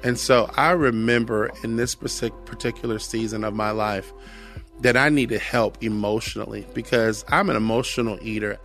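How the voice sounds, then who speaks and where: A man's voice: fairly low pitch, steady tone, normal speed, a bit bright, faint music behind. An earnest middle-aged American man sharing a personal testimony, reflective, often repeating phrases. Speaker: guest sharing his testimony.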